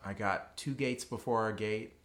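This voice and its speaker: A man's voice: on the low side, normal speed, a bit bright. A man co-hosting a podcast, recounting a trip in a plain, matter-of-fact way. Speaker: podcast co-host. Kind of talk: casual storytelling.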